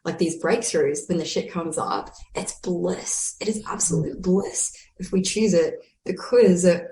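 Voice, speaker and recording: A woman's voice: fairly low pitch, a little slow, mellow, a little hiss or hum. A woman breathwork teacher speaking in a casual conversation, earnest and encouraging as she explains her ideas. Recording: echoey room.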